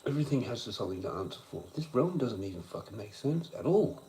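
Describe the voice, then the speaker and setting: On a rough recording with slight background noise, a young man speaks fast at a medium pitch, his warm voice swinging widely up and down. He's deep in a rambling late-night livestream rant, cursing heavily and circling back over frustrated philosophical ideas.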